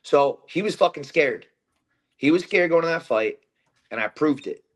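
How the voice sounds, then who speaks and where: A man's voice: on the high side, expressive, moderate pace. Bare knuckle fighter guy in a post-fight interview, swears a lot, intense, lots of ums and restarts. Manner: intense, profane trash talk with many fillers and restarts.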